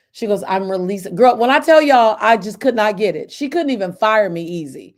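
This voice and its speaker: A middle-aged motivational speaker tells a personal story to a live audience, addressing listeners by name. She is animated, with a medium-pitched voice at a moderate pace.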